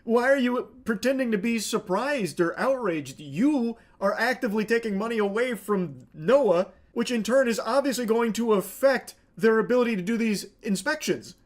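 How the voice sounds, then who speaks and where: A man hosting and commenting on a clip, ranting in a sardonic, profane way. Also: very high-pitched. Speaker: host.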